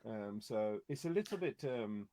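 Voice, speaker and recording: A man's voice: on the low side, lively intonation, unhurried, warm tone. A man from Nottingham with an East Midlands accent, a guest songwriter chatting loosely and laughing as he rambles. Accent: East Midlands English. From Nottingham, England. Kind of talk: casual interview chat.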